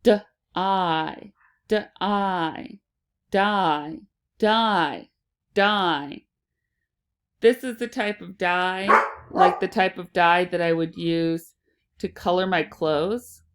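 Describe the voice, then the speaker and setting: A woman teaching a phonics lesson to children, sounding out and repeating words slowly and deliberately. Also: lowish voice, fairly bright tone, clean tone.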